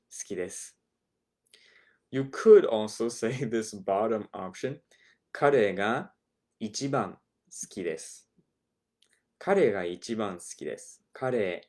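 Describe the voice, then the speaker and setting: Slow, low-voiced man teaching a class. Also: a little mellow. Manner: patient, explanatory, repeats words for drill. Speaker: language teacher. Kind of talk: recorded online lesson.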